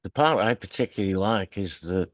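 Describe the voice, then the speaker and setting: Low-voiced man thinking aloud in a group. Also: animated, dry recording. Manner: thoughtful, halting, repeats words. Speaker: group member. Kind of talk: discussion in a group.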